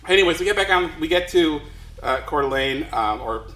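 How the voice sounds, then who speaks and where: Male storyteller, self-deprecating, rambling live comic delivery; high-ish bright voice, echoey room. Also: expressive, a little fast. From Los Angeles, USA.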